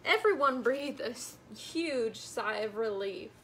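High, bright storytime librarian woman. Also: slow pace, slight background noise. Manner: animated, addresses children. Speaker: children's librarian. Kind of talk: storytime read-aloud.

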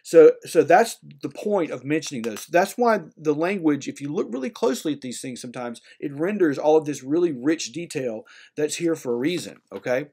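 Man, lecturer, conversational, lively delivery, keeps asking "right?". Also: a little high, fairly quick, husky. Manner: conversational, frequent "okay?" and "right?" check-ins; animated, acts out voices when retelling. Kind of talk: classroom literature lecture.

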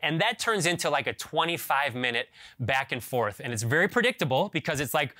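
Bright-voiced male pastor preaching. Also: mid-range voice, fast, hardly any pauses, dry recording, studio quality. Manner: animated storyteller, acts out phone dialogue. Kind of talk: sermon with scripture reading and storytelling.

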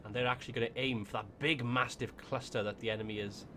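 A man's voice: mid-range voice, fairly even intonation, quick pace, noisy background. Casual Welsh man, gameplay commentary. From Wales. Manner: casual, thinking aloud. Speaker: gaming YouTuber.

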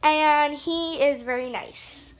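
A woman's voice: high voice, steady tone, slow pace. A female vlogger chatting casually to the camera, rambling with lots of fillers and restarts.

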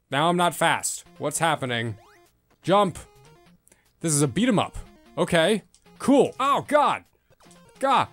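A man commenting on a retro game as he plays, swearing and reacting loudly. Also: fairly high pitch. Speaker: gameplay streamer. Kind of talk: excitable let's-play commentary.

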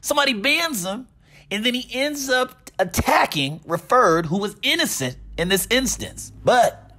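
A man's voice: very high voice, lively intonation, unhurried, sharp tone. A man hosting a gaming channel, mockingly recounting online drama with a repeated catchphrase.

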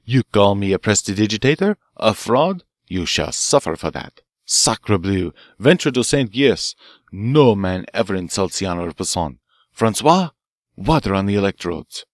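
A man reading an audiobook, voicing an excitable, vengeful French professor with a French accent who shouts menacingly. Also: medium pitch, normal speed, dry recording, clean studio sound, natural voice. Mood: furious.

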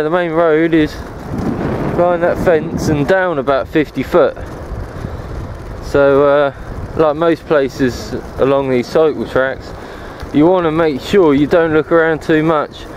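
Male cycle-touring vlogger, slightly high voice, loose and profane, talking to a handheld camera outside with faint background noise. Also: measured pace, darkish tone, poor audio. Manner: rambling, swears freely. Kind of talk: casual chat while riding. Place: outdoors on a rural cycle path. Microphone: handheld camera while cycling one-handed.

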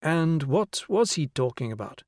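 A patient young teacher , as read by a man, talks a class through an idea, with brisk explanations and a light, raised voice. Each point lands with a questioning lift. The voice is dry and close. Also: a little high, big pitch swings, a little mellow, no room sound. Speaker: schoolteacher. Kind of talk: audiobook character reading.

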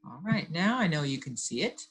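A woman's voice: low-pitched, very animated, brisk, slightly rough. A woman teacher leading an online class, upbeat and talking through each step. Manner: upbeat, talks through her screen steps.

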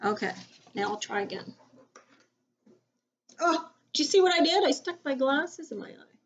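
A woman's voice: high voice, lively intonation, normal speed, lo-fi sound, slight background noise. A woman teacher reading a picture book aloud to children, playful and sing-song. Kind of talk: read-aloud lesson for children.

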